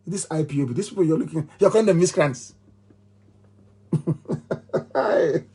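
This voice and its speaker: A middle-aged Nigerian-accented man delivers a live political address. His voice is high-pitched and husky. He drives his points home by repeating them and breaks into scornful laughter. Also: a little slow, pauses often, mellow. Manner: emphatic and repetitive, with mocking laughs. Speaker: movement leader giving a broadcast.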